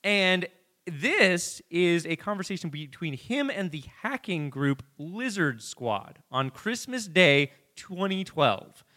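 A man co-hosting a comedy podcast who rambles through a backstory with lots of ums. His voice sits a little high and sounds bright and forward. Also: very animated, slow pace. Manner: rambling, filler-heavy storytelling. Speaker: podcast co-host. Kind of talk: casual comedic podcast chat.

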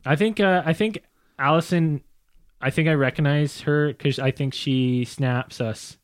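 A man's voice: a little high, measured pace, smooth, no echo. A Canadian man co-hosting a podcast in a studio, chatting casually, joking and reading viewer messages aloud. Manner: joking, playful, reads chat messages aloud. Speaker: podcast co-host. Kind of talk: casual chat. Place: home recording studio. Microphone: studio mic.

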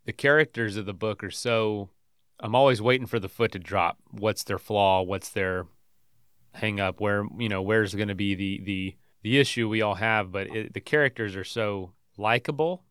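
A man hosting an interview, asking long, halting questions and thinking aloud. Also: fairly low pitch, fairly bright tone, clean tone, dry recording, clean studio sound. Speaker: interviewer, podcast host.

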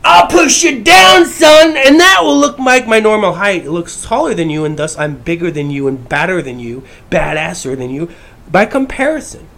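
Brief: boastful male bully, loud drawn-out taunts, high and strained, put on by a man. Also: expressive, gravelly, slight background noise, exaggerated voice. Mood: taunting.

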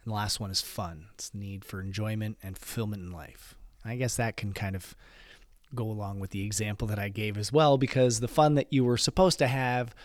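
A man with a fairly low voice hosts a solo podcast. He talks earnestly straight to the listener and keeps asking rhetorical questions. The sound is close and dry. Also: steady tone, brisk, no room sound. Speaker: podcast host.

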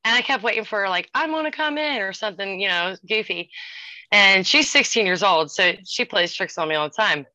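A woman in her forties casually telling a ghost story, animated and acting out the voices of the people in it. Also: medium pitch, a little fast, no echo. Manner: animated, acts out quoted voices. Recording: dull lo-fi sound.

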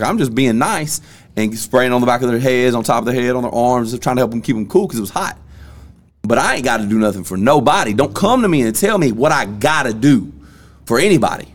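A man's voice: medium pitch, very animated, brisk. A man, hosting a casual podcast and telling a story bluntly. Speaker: podcast host.

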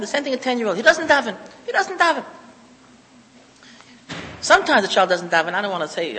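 A man's voice: very high-pitched, pushed and bright, in a large hall, slight background noise, rough recording. A man giving a religious lecture to an audience, emphatic and repetitive, mixing in Hebrew and Yiddish terms. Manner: emphatic, repeats key phrases, mixes in Hebrew and Yiddish terms.

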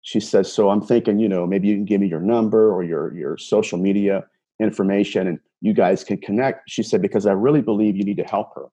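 Earnest low husky man telling a story. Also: a little fast, dark tone. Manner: earnest, recounts dialogue with many "I said" tags and stammered repeats. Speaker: self-described empath telling a personal story. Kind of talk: casual spoken storytelling.

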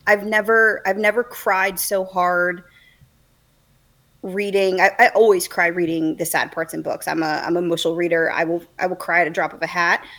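A woman's voice: on the low side, steady tone, normal speed, a bit bright. A woman co-hosting a book podcast in casual chat, gushing and rambling with many fillers. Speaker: podcast co-host.

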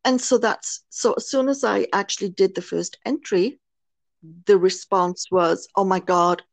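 With measured pacing and some vocal fry, this medium-pitched woman's voice is recorded with no echo. She is from Britain, a nurse and author with a British English accent, giving a candid personal podcast interview in a frank, earnest way full of fillers.

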